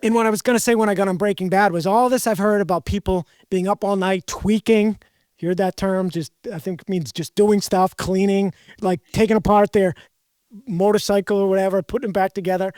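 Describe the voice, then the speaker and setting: A woman's voice: medium pitch, fairly even intonation, fairly quick, darkish tone, dry recording, studio quality. A woman hosting a casual podcast conversation, rambling and correcting herself as she goes. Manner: rambling, self-correcting, chatty. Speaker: podcast host.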